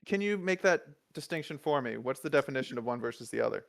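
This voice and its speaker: A man in casual livestream chat, deadpan and teasing. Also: mid-range voice, fast, gravelly.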